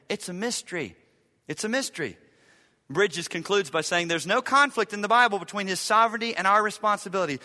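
A man preaching a sermon as pastor, emphatic, repeating key lines and swinging from loud to hushed. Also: on the high side, big-room sound.

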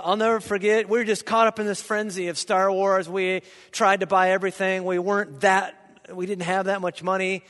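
A middle-aged man from Indiana preaching a sermon, telling a childhood story with lively, joking asides to his listeners. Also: sits high. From Indiana, USA. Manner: lively anecdotal storyteller, jokes with the audience. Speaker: pastor. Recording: long reverb of a large hall.

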